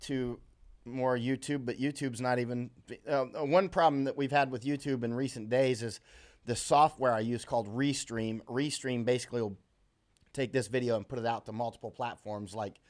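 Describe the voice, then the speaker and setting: A man's voice: mid-range voice, fairly even intonation, normal speed, darkish tone. American man rambling on a live stream. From USA. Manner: rambling, with many fillers and restarts, reads comments aloud. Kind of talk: casual live-stream chat reading viewer comments.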